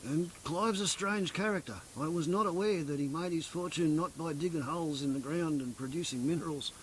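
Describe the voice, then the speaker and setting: A man's voice: fairly high pitch, brisk, slight background noise. A man in his fifties giving a wry, meandering political commentary.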